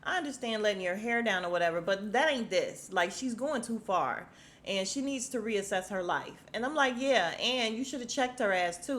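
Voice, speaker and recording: A woman's voice: medium pitch, lively intonation, moderate pace, pushed and bright. A woman hosting a podcast, recapping a reality show in casual chat, sassy and blunt, swearing freely and acting out quotes.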